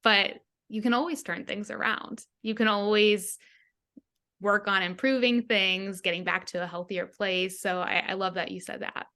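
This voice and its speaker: Bright-voiced earnest woman guest. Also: medium pitch, moderate pace. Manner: earnest, reflective, acts out her own past thoughts. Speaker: health coach, podcast guest. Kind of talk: casual interview chat.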